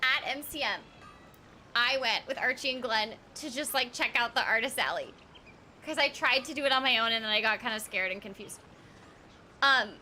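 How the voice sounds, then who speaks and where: High, bubbly streamer woman, lively pitch. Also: normal speed, long pauses, slight background noise. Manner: bubbly and giggly, chatting with her viewers; playful and self-teasing. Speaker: voice actor streaming a game. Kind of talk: casual live-stream chat. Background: game music.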